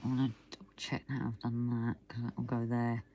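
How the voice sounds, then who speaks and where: Low-voiced woman chatting. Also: level tone, a little fast, crowd noise. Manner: chatty, teasing. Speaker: model railway vlogger. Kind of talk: casual chat while building.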